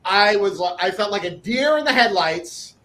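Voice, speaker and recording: Bright high-voiced man rambling on a call. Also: animated, moderate pace, rough recording. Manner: rambling with many fillers. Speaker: co-host. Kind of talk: casual video-call chat.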